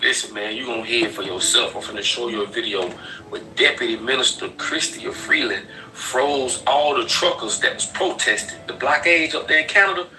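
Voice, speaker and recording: A man's voice: medium pitch, a little fast, sharp tone, distant mic, soft background music, rough recording. A man doing a blunt, emphatic, slangy video commentary. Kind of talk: casual commentary.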